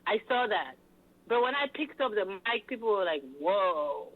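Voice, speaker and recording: A woman event host telling stories in an animated, hyped way, full of fillers, in a casual interview. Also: on the high side, moderate pace. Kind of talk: lively interview chat. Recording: tinny phone-like line.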